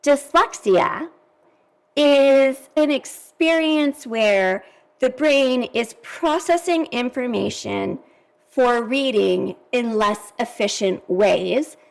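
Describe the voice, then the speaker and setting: A woman reading teacher speaks slowly and patiently in a somewhat high voice with a gravelly, creaky edge. She explains lessons for parents and sounds out letters and syllables aloud to show each step.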